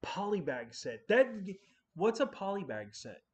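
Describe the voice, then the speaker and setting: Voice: medium pitch, very animated, a little slow. Chatty streamer muttering over Lego. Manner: chatty, talks to himself while building, often muttering. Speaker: livestream host building Lego. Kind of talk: casual live-streamed building chat.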